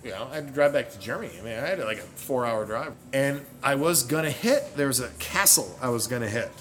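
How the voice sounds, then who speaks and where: A middle-aged man tells a story in loose podcast chat. He laughs easily and circles back to fix his details as he goes. His voice sits at an ordinary pitch, and faint music plays behind him. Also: fast. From United States. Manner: rambling and animated, self-correcting, laughs a lot.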